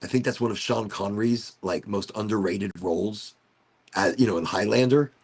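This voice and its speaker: A man's voice: fairly low pitch, moderate pace, slightly rough. A man hosting a casual livestream chat, rambling from topic to topic and losing his thread. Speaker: host of a livestream talk show.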